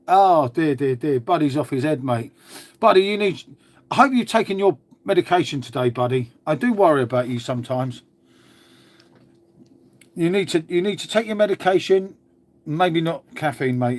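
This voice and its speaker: Chatty English man calling everyone mate. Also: mid-range voice. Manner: chatty, laid-back, calls everyone mate. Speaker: live streamer. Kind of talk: casual live-stream chat answering viewer comments.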